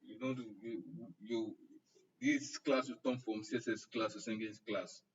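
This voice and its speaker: A young Nigerian man teaching online trades jokes with his live-stream audience, replying to each comment by name. He speaks fairly low with fairly even intonation at a normal speed, over slight background noise in muffled, distant audio.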